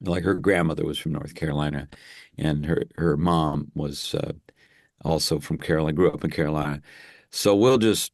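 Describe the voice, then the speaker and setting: A man's voice: very deep voice, fairly even intonation, moderate pace, no room sound, studio quality. A man, an actor and impressionist, chatting as an interview guest in a rambling, easygoing way with easy laughs. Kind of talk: casual interview chat.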